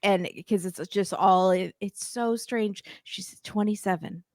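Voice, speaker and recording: A woman's voice: mid-range voice, measured pace, darkish tone, no room sound, clean studio sound. Chatty woman guest on a podcast. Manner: chatty, trails off and restarts while laughing along. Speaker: guest co-host. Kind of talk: casual chat.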